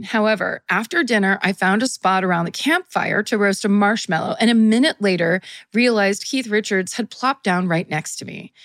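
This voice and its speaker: A woman's voice: medium pitch, fairly bright tone, dry recording. Chatty woman reading a letter, dry sound. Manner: laughs often while reading, chatty and playful. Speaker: podcast co-host reading listener stories. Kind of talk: casual chat, reading a listener letter aloud.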